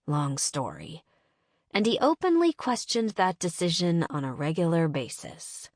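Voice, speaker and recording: A woman narrating an audiobook in the first person with measured, wry storytelling on a close studio mic. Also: low-pitched, dry recording.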